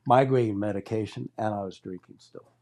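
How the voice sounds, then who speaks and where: Older guy in his 60s, lowish warm voice, rambling through his testimony casually. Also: moderate pace. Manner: rambling storyteller who acts out quoted dialogue. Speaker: guest sharing his testimony.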